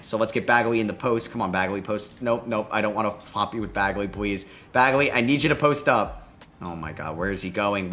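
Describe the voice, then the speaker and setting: A young man giving lively, excitable commentary over a basketball video game he is playing. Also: mid-range voice. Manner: excitable, groans and cheers at plays. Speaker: gaming commentator.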